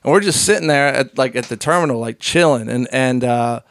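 A man in a casual podcast chat, telling a story in an animated way and acting out other people's voices. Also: mid-range voice, fairly quick, no echo, clean studio sound. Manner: swears casually, lots of fillers. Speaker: podcast guest.

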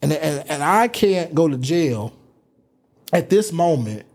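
A young man hosting a casual talk show, telling a story in an animated way and acting out what people said. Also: a little high, slow. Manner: animated storyteller, acts out quotes. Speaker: podcast host.

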